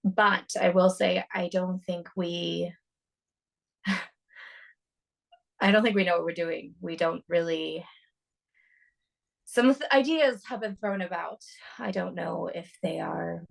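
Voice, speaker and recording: Woman player, gravelly fry, hesitant rambling in-character talk. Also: lowish voice, slow, long pauses. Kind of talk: in-character tabletop play.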